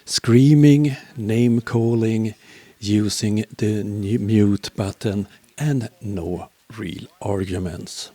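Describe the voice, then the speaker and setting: A man's voice: fairly low pitch, takes it slowly, warm tone, no room sound. A man giving dry, dismissive voice-over commentary on a clip.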